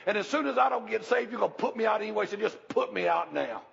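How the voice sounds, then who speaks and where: A man's voice: high voice, animated, fast, vocal fry, slightly rough, pitched above the performer's own voice, exaggerated voice. A man voicing a defensive, weary male drifter who is tired of being preached at, heard in a dull, echoey hall. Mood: exasperated.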